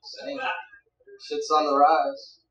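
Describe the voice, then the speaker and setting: Rambling young comedian in a roomy club. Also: male voice, fairly high pitch, big pitch swings, takes it slowly, fairly bright tone, highs cut off. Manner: rambling, crowd-teasing. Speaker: stand-up comedian. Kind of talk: stand-up comedy. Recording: roomy club sound from a distance.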